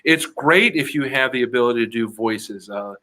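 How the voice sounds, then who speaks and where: A man's voice: medium pitch, moderate pace, bright, forceful tone. A man from the Chicago area, an improv comedian, answering interview questions in an earnest, easygoing way.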